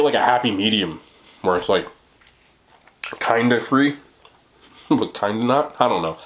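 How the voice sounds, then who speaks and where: A man's voice: mid-range voice, expressive, normal speed, long pauses. A tired man from New York rambling casually to his camera at home late at night, chatty and self-deprecating, laughing often. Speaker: mukbang vlogger.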